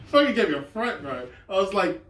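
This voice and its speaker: A man's voice: sits high, sing-song, brisk, a bit bright. A man joking around and laughing in casual chat with friends, swearing freely. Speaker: podcast co-host. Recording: echoey room, distant mic, background noise.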